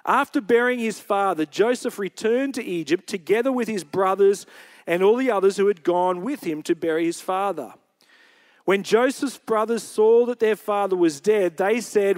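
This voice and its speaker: A male pastor delivers a Sunday sermon, his voice sitting noticeably high. He tells the scripture story in plain, conversational words, as if walking his congregation through the scene. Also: moderate pace. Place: church service.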